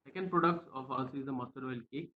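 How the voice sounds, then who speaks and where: A man presenting slides in a webinar over a video call, hesitant with many fillers and speaking softly. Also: medium pitch, fast talker. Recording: tinny phone-like line in an echoey room.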